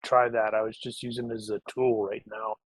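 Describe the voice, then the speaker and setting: A man's voice: on the low side, breathy edge, no room sound. A man playing a tabletop game, chatting casually and laughing easily, recorded at home on a desk mic over voice chat. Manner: lively, quick to laugh, chatty. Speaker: player.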